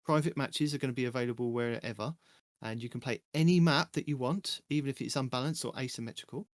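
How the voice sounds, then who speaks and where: A man's voice: mid-range voice, quick pace, no echo, clean studio sound. A man hosting a casual gaming podcast, chatting and reading through game update notes. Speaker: podcast host.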